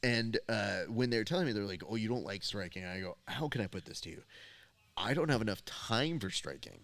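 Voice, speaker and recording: A man with a low-set voice chatting easily as a show host. He talks at length, laughs often and slips into voices when he quotes people. The tone is relaxed and conversational. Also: brisk, dry recording. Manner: talkative, laughs often, acts out quoted dialogue. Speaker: podcast host and jiu-jitsu coach. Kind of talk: casual chat.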